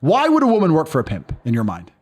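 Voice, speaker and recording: A man's voice: fairly high pitch, wildly swooping pitch, fast talker, a little mellow. A man being interviewed, talking bluntly and boastfully, swearing freely and acting out other people's voices as he tells stories. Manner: acts out quoted voices of others. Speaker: interview guest. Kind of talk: casual interview talk.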